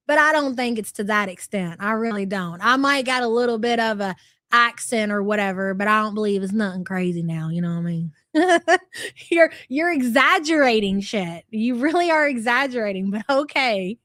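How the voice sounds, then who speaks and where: Woman, light country twang, high voice, dry close sound, brash and profane livestream host. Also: expressive, normal speed, a bit bright, no room sound. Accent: light American country twang. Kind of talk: livestream commentary reading viewer chats.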